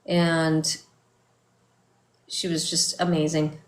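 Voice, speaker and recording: Halting middle-aged woman in an echoey room. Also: sits low, flat delivery. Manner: soft, halting, many fillers and restarts. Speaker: vlogger. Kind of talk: personal storytelling vlog.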